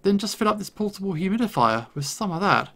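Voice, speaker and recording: A man's voice: high voice, expressive, fast talker, fairly bright tone, pitched above the performer's own voice. A man voicing a knowing woman potion seller. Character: friendly woman shopkeeper and potion maker.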